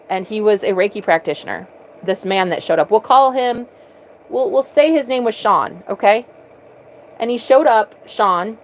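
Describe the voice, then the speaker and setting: Casting: earnest female vlogger, personal storytelling, halting restarts. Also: mid-range voice, a little hiss or hum, low-quality recording. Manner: earnest, repeats words as she restarts.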